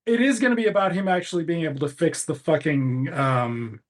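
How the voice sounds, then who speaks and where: A man's voice: a little high, fairly quick. A man co-hosting a podcast, recapping a TV episode in a casual, profane, sarcastic and joking way. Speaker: podcast co-host.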